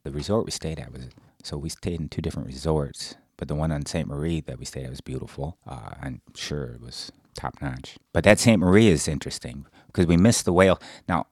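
A middle-aged man, chatting casually as a podcast co-host and telling blunt, profane stories with loud acted-out quotes. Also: a bass voice, dry recording, clean studio sound. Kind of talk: casual chat.

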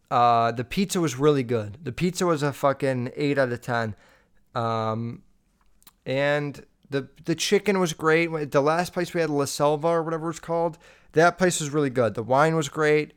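A young man hosting a podcast alone, telling a story in blunt, profane, animated casual chat. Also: a little high, clear, resonant tone. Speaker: podcast host.

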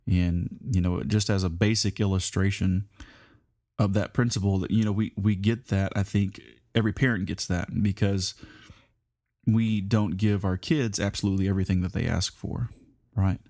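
Speaking in a very low, mellow voice with fairly even intonation, a male preacher gives a sermon-like Bible lesson. He's relaxed and conversational, lingering on fillers and starting phrases over, recorded dry and close without echo.

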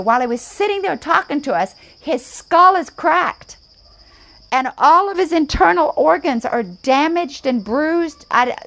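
A woman's voice: high-pitched, fairly bright tone. A woman giving a missionary testimony, telling her story in a fervent, emphatic way, her voice swelling at key moments. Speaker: missionary speaker.

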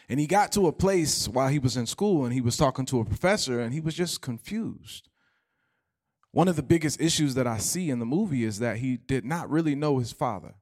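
A man preaching a sermon, telling a story and dropping to quiet emphasis. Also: mid-range voice.

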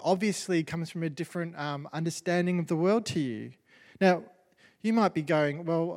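Brief: male preacher, slightly high voice, chatty and self-deprecating, reverberant church. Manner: conversational, self-deprecating, with fillers and restarts. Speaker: pastor. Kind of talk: sermon. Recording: long reverb of a large hall.

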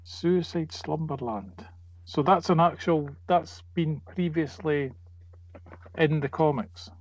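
A man's voice: on the high side, slow pace, dry recording, lo-fi sound. A man chatting casually in a comic book group, reading out comic credits. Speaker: comic book club member.

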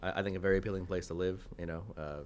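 A man's voice: low voice, fairly even intonation, very fast, slight background noise. A young man from California, a city council member on a radio show, explaining policy earnestly with many fillers and restarts. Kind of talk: radio interview. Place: radio studio.

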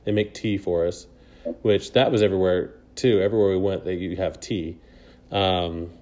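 A man's voice: low voice, steady tone, normal speed, dark tone. A young man casually telling a travel story on a podcast, rambling with lots of fillers and frequent laughs. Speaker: podcast co-host.

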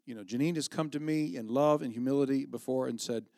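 A man's voice: medium pitch, fast talker, gravelly, hardly any pauses, a little mellow, no room sound, studio quality. A middle-aged man preaching a sermon on marriage in a conversational way, breaking off and restarting, and acting out quoted lines. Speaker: pastor.

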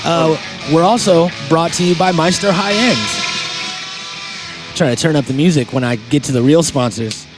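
A man hosting a podcast, rambling and joking through sponsor reads while high, laughing mid-sentence. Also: normal speed, loud music behind the voice. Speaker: podcast host. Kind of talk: casual podcast chat reading sponsor spots.

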